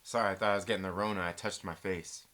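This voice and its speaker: A man's voice: deep voice, fairly even intonation, fast, fairly bright tone. A man hosting a casual live movie chat stream, joking around and rambling as he answers viewers in the live chat.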